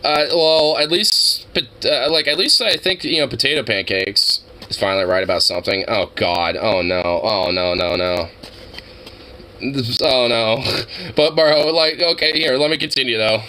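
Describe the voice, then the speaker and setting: Young guy rambling on his stream, bright punchy voice, swears a lot, bit of hiss behind. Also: mid-range voice, unhurried. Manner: rambling, profane, laughs often. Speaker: livestream host. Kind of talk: casual stream chat.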